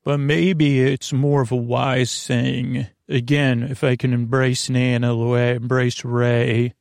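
A man with a gravelly, mid-pitched voice hosts a comic monologue, wandering from thought to thought with fillers and false starts. He stretches quoted phrases into slow, half-sung lines. The recording is dry and close. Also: level tone, darkish tone, dry recording. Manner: halting, full of fillers and restarts, sings quotes slowly. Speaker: comedy podcast host.

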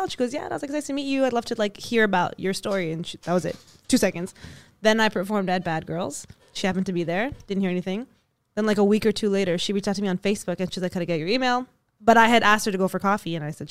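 A young woman comedian from Montreal, a guest on a podcast, telling stories in an animated way and acting out the quoted dialogue. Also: mid-range voice, racing, smooth, dry recording. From Montreal, Quebec. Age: young adult. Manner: animated storyteller who acts out quoted dialogue. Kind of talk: casual podcast chat.

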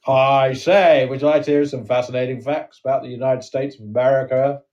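A man's voice: mid-range voice, level tone, slow, close to an everyday voice. Bob, a man's put-on voice: chipper folksy American host, hammy, slightly distant lo-fi sound. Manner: hammy, overly chipper, says "say". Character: eager folksy American presenter Bob, adult man.

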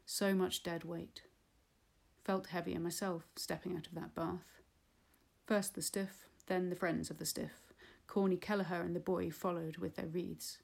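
A woman reading a literary novel aloud in a measured, unhurried way. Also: lowish voice, level tone, creaky, darkish tone. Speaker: audiobook reader. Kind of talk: literary audiobook narration.

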